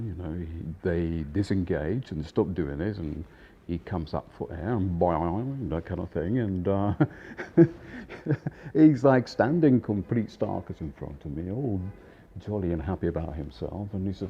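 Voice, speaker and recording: A man in his fifties, a chef, telling a casual anecdote in an animated way, acting out voices and laughing often. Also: deep voice, measured pace, highs cut off, slight background noise. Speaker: chef and storyteller.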